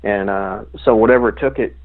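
A male guest telling stories in a rambling, halting way, often restarting his sentences. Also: lowish voice. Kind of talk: casual storytelling. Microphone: phone call. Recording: phone line.

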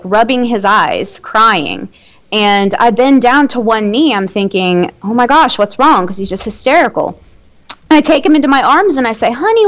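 An adult woman telling a personal ghost story as an interview guest, chatty, with many fillers and small nervous laughs. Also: on the high side.

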